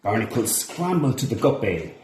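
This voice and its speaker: Animated man reading a children's story. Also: lowish voice, normal speed, echoey room, a little hiss or hum. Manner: expressive, animated character voices. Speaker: storybook reader. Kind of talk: children's read-along narration.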